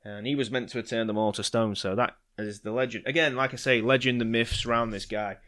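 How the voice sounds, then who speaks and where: A man's voice: medium pitch, fairly even intonation, a little fast, a bit bright. A British man co-hosting a podcast, telling long, rambling stories in casual chat, swearing freely and acting out the people in them. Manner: rambling storyteller, swears often, acts out voices in anecdotes. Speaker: podcast co-host.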